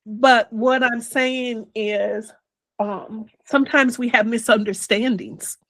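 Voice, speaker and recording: An older woman telling her personal story as an interview guest, slow and reflective, dropping to a whisper on quoted words. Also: on the high side, fairly even intonation, a bit bright, no echo, poor audio.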